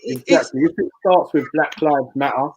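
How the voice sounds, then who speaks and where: A man speaking in a measured, encouraging, reflective way while leading a casual discussion. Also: a little high, darkish tone, slight background noise, low-quality recording.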